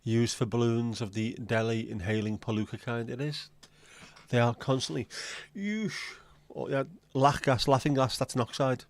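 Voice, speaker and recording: A man's voice: medium pitch, level tone, normal speed. A man hosting a livestream, chatting casually and rambling from one joke to the next as he addresses his viewers. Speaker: livestream host.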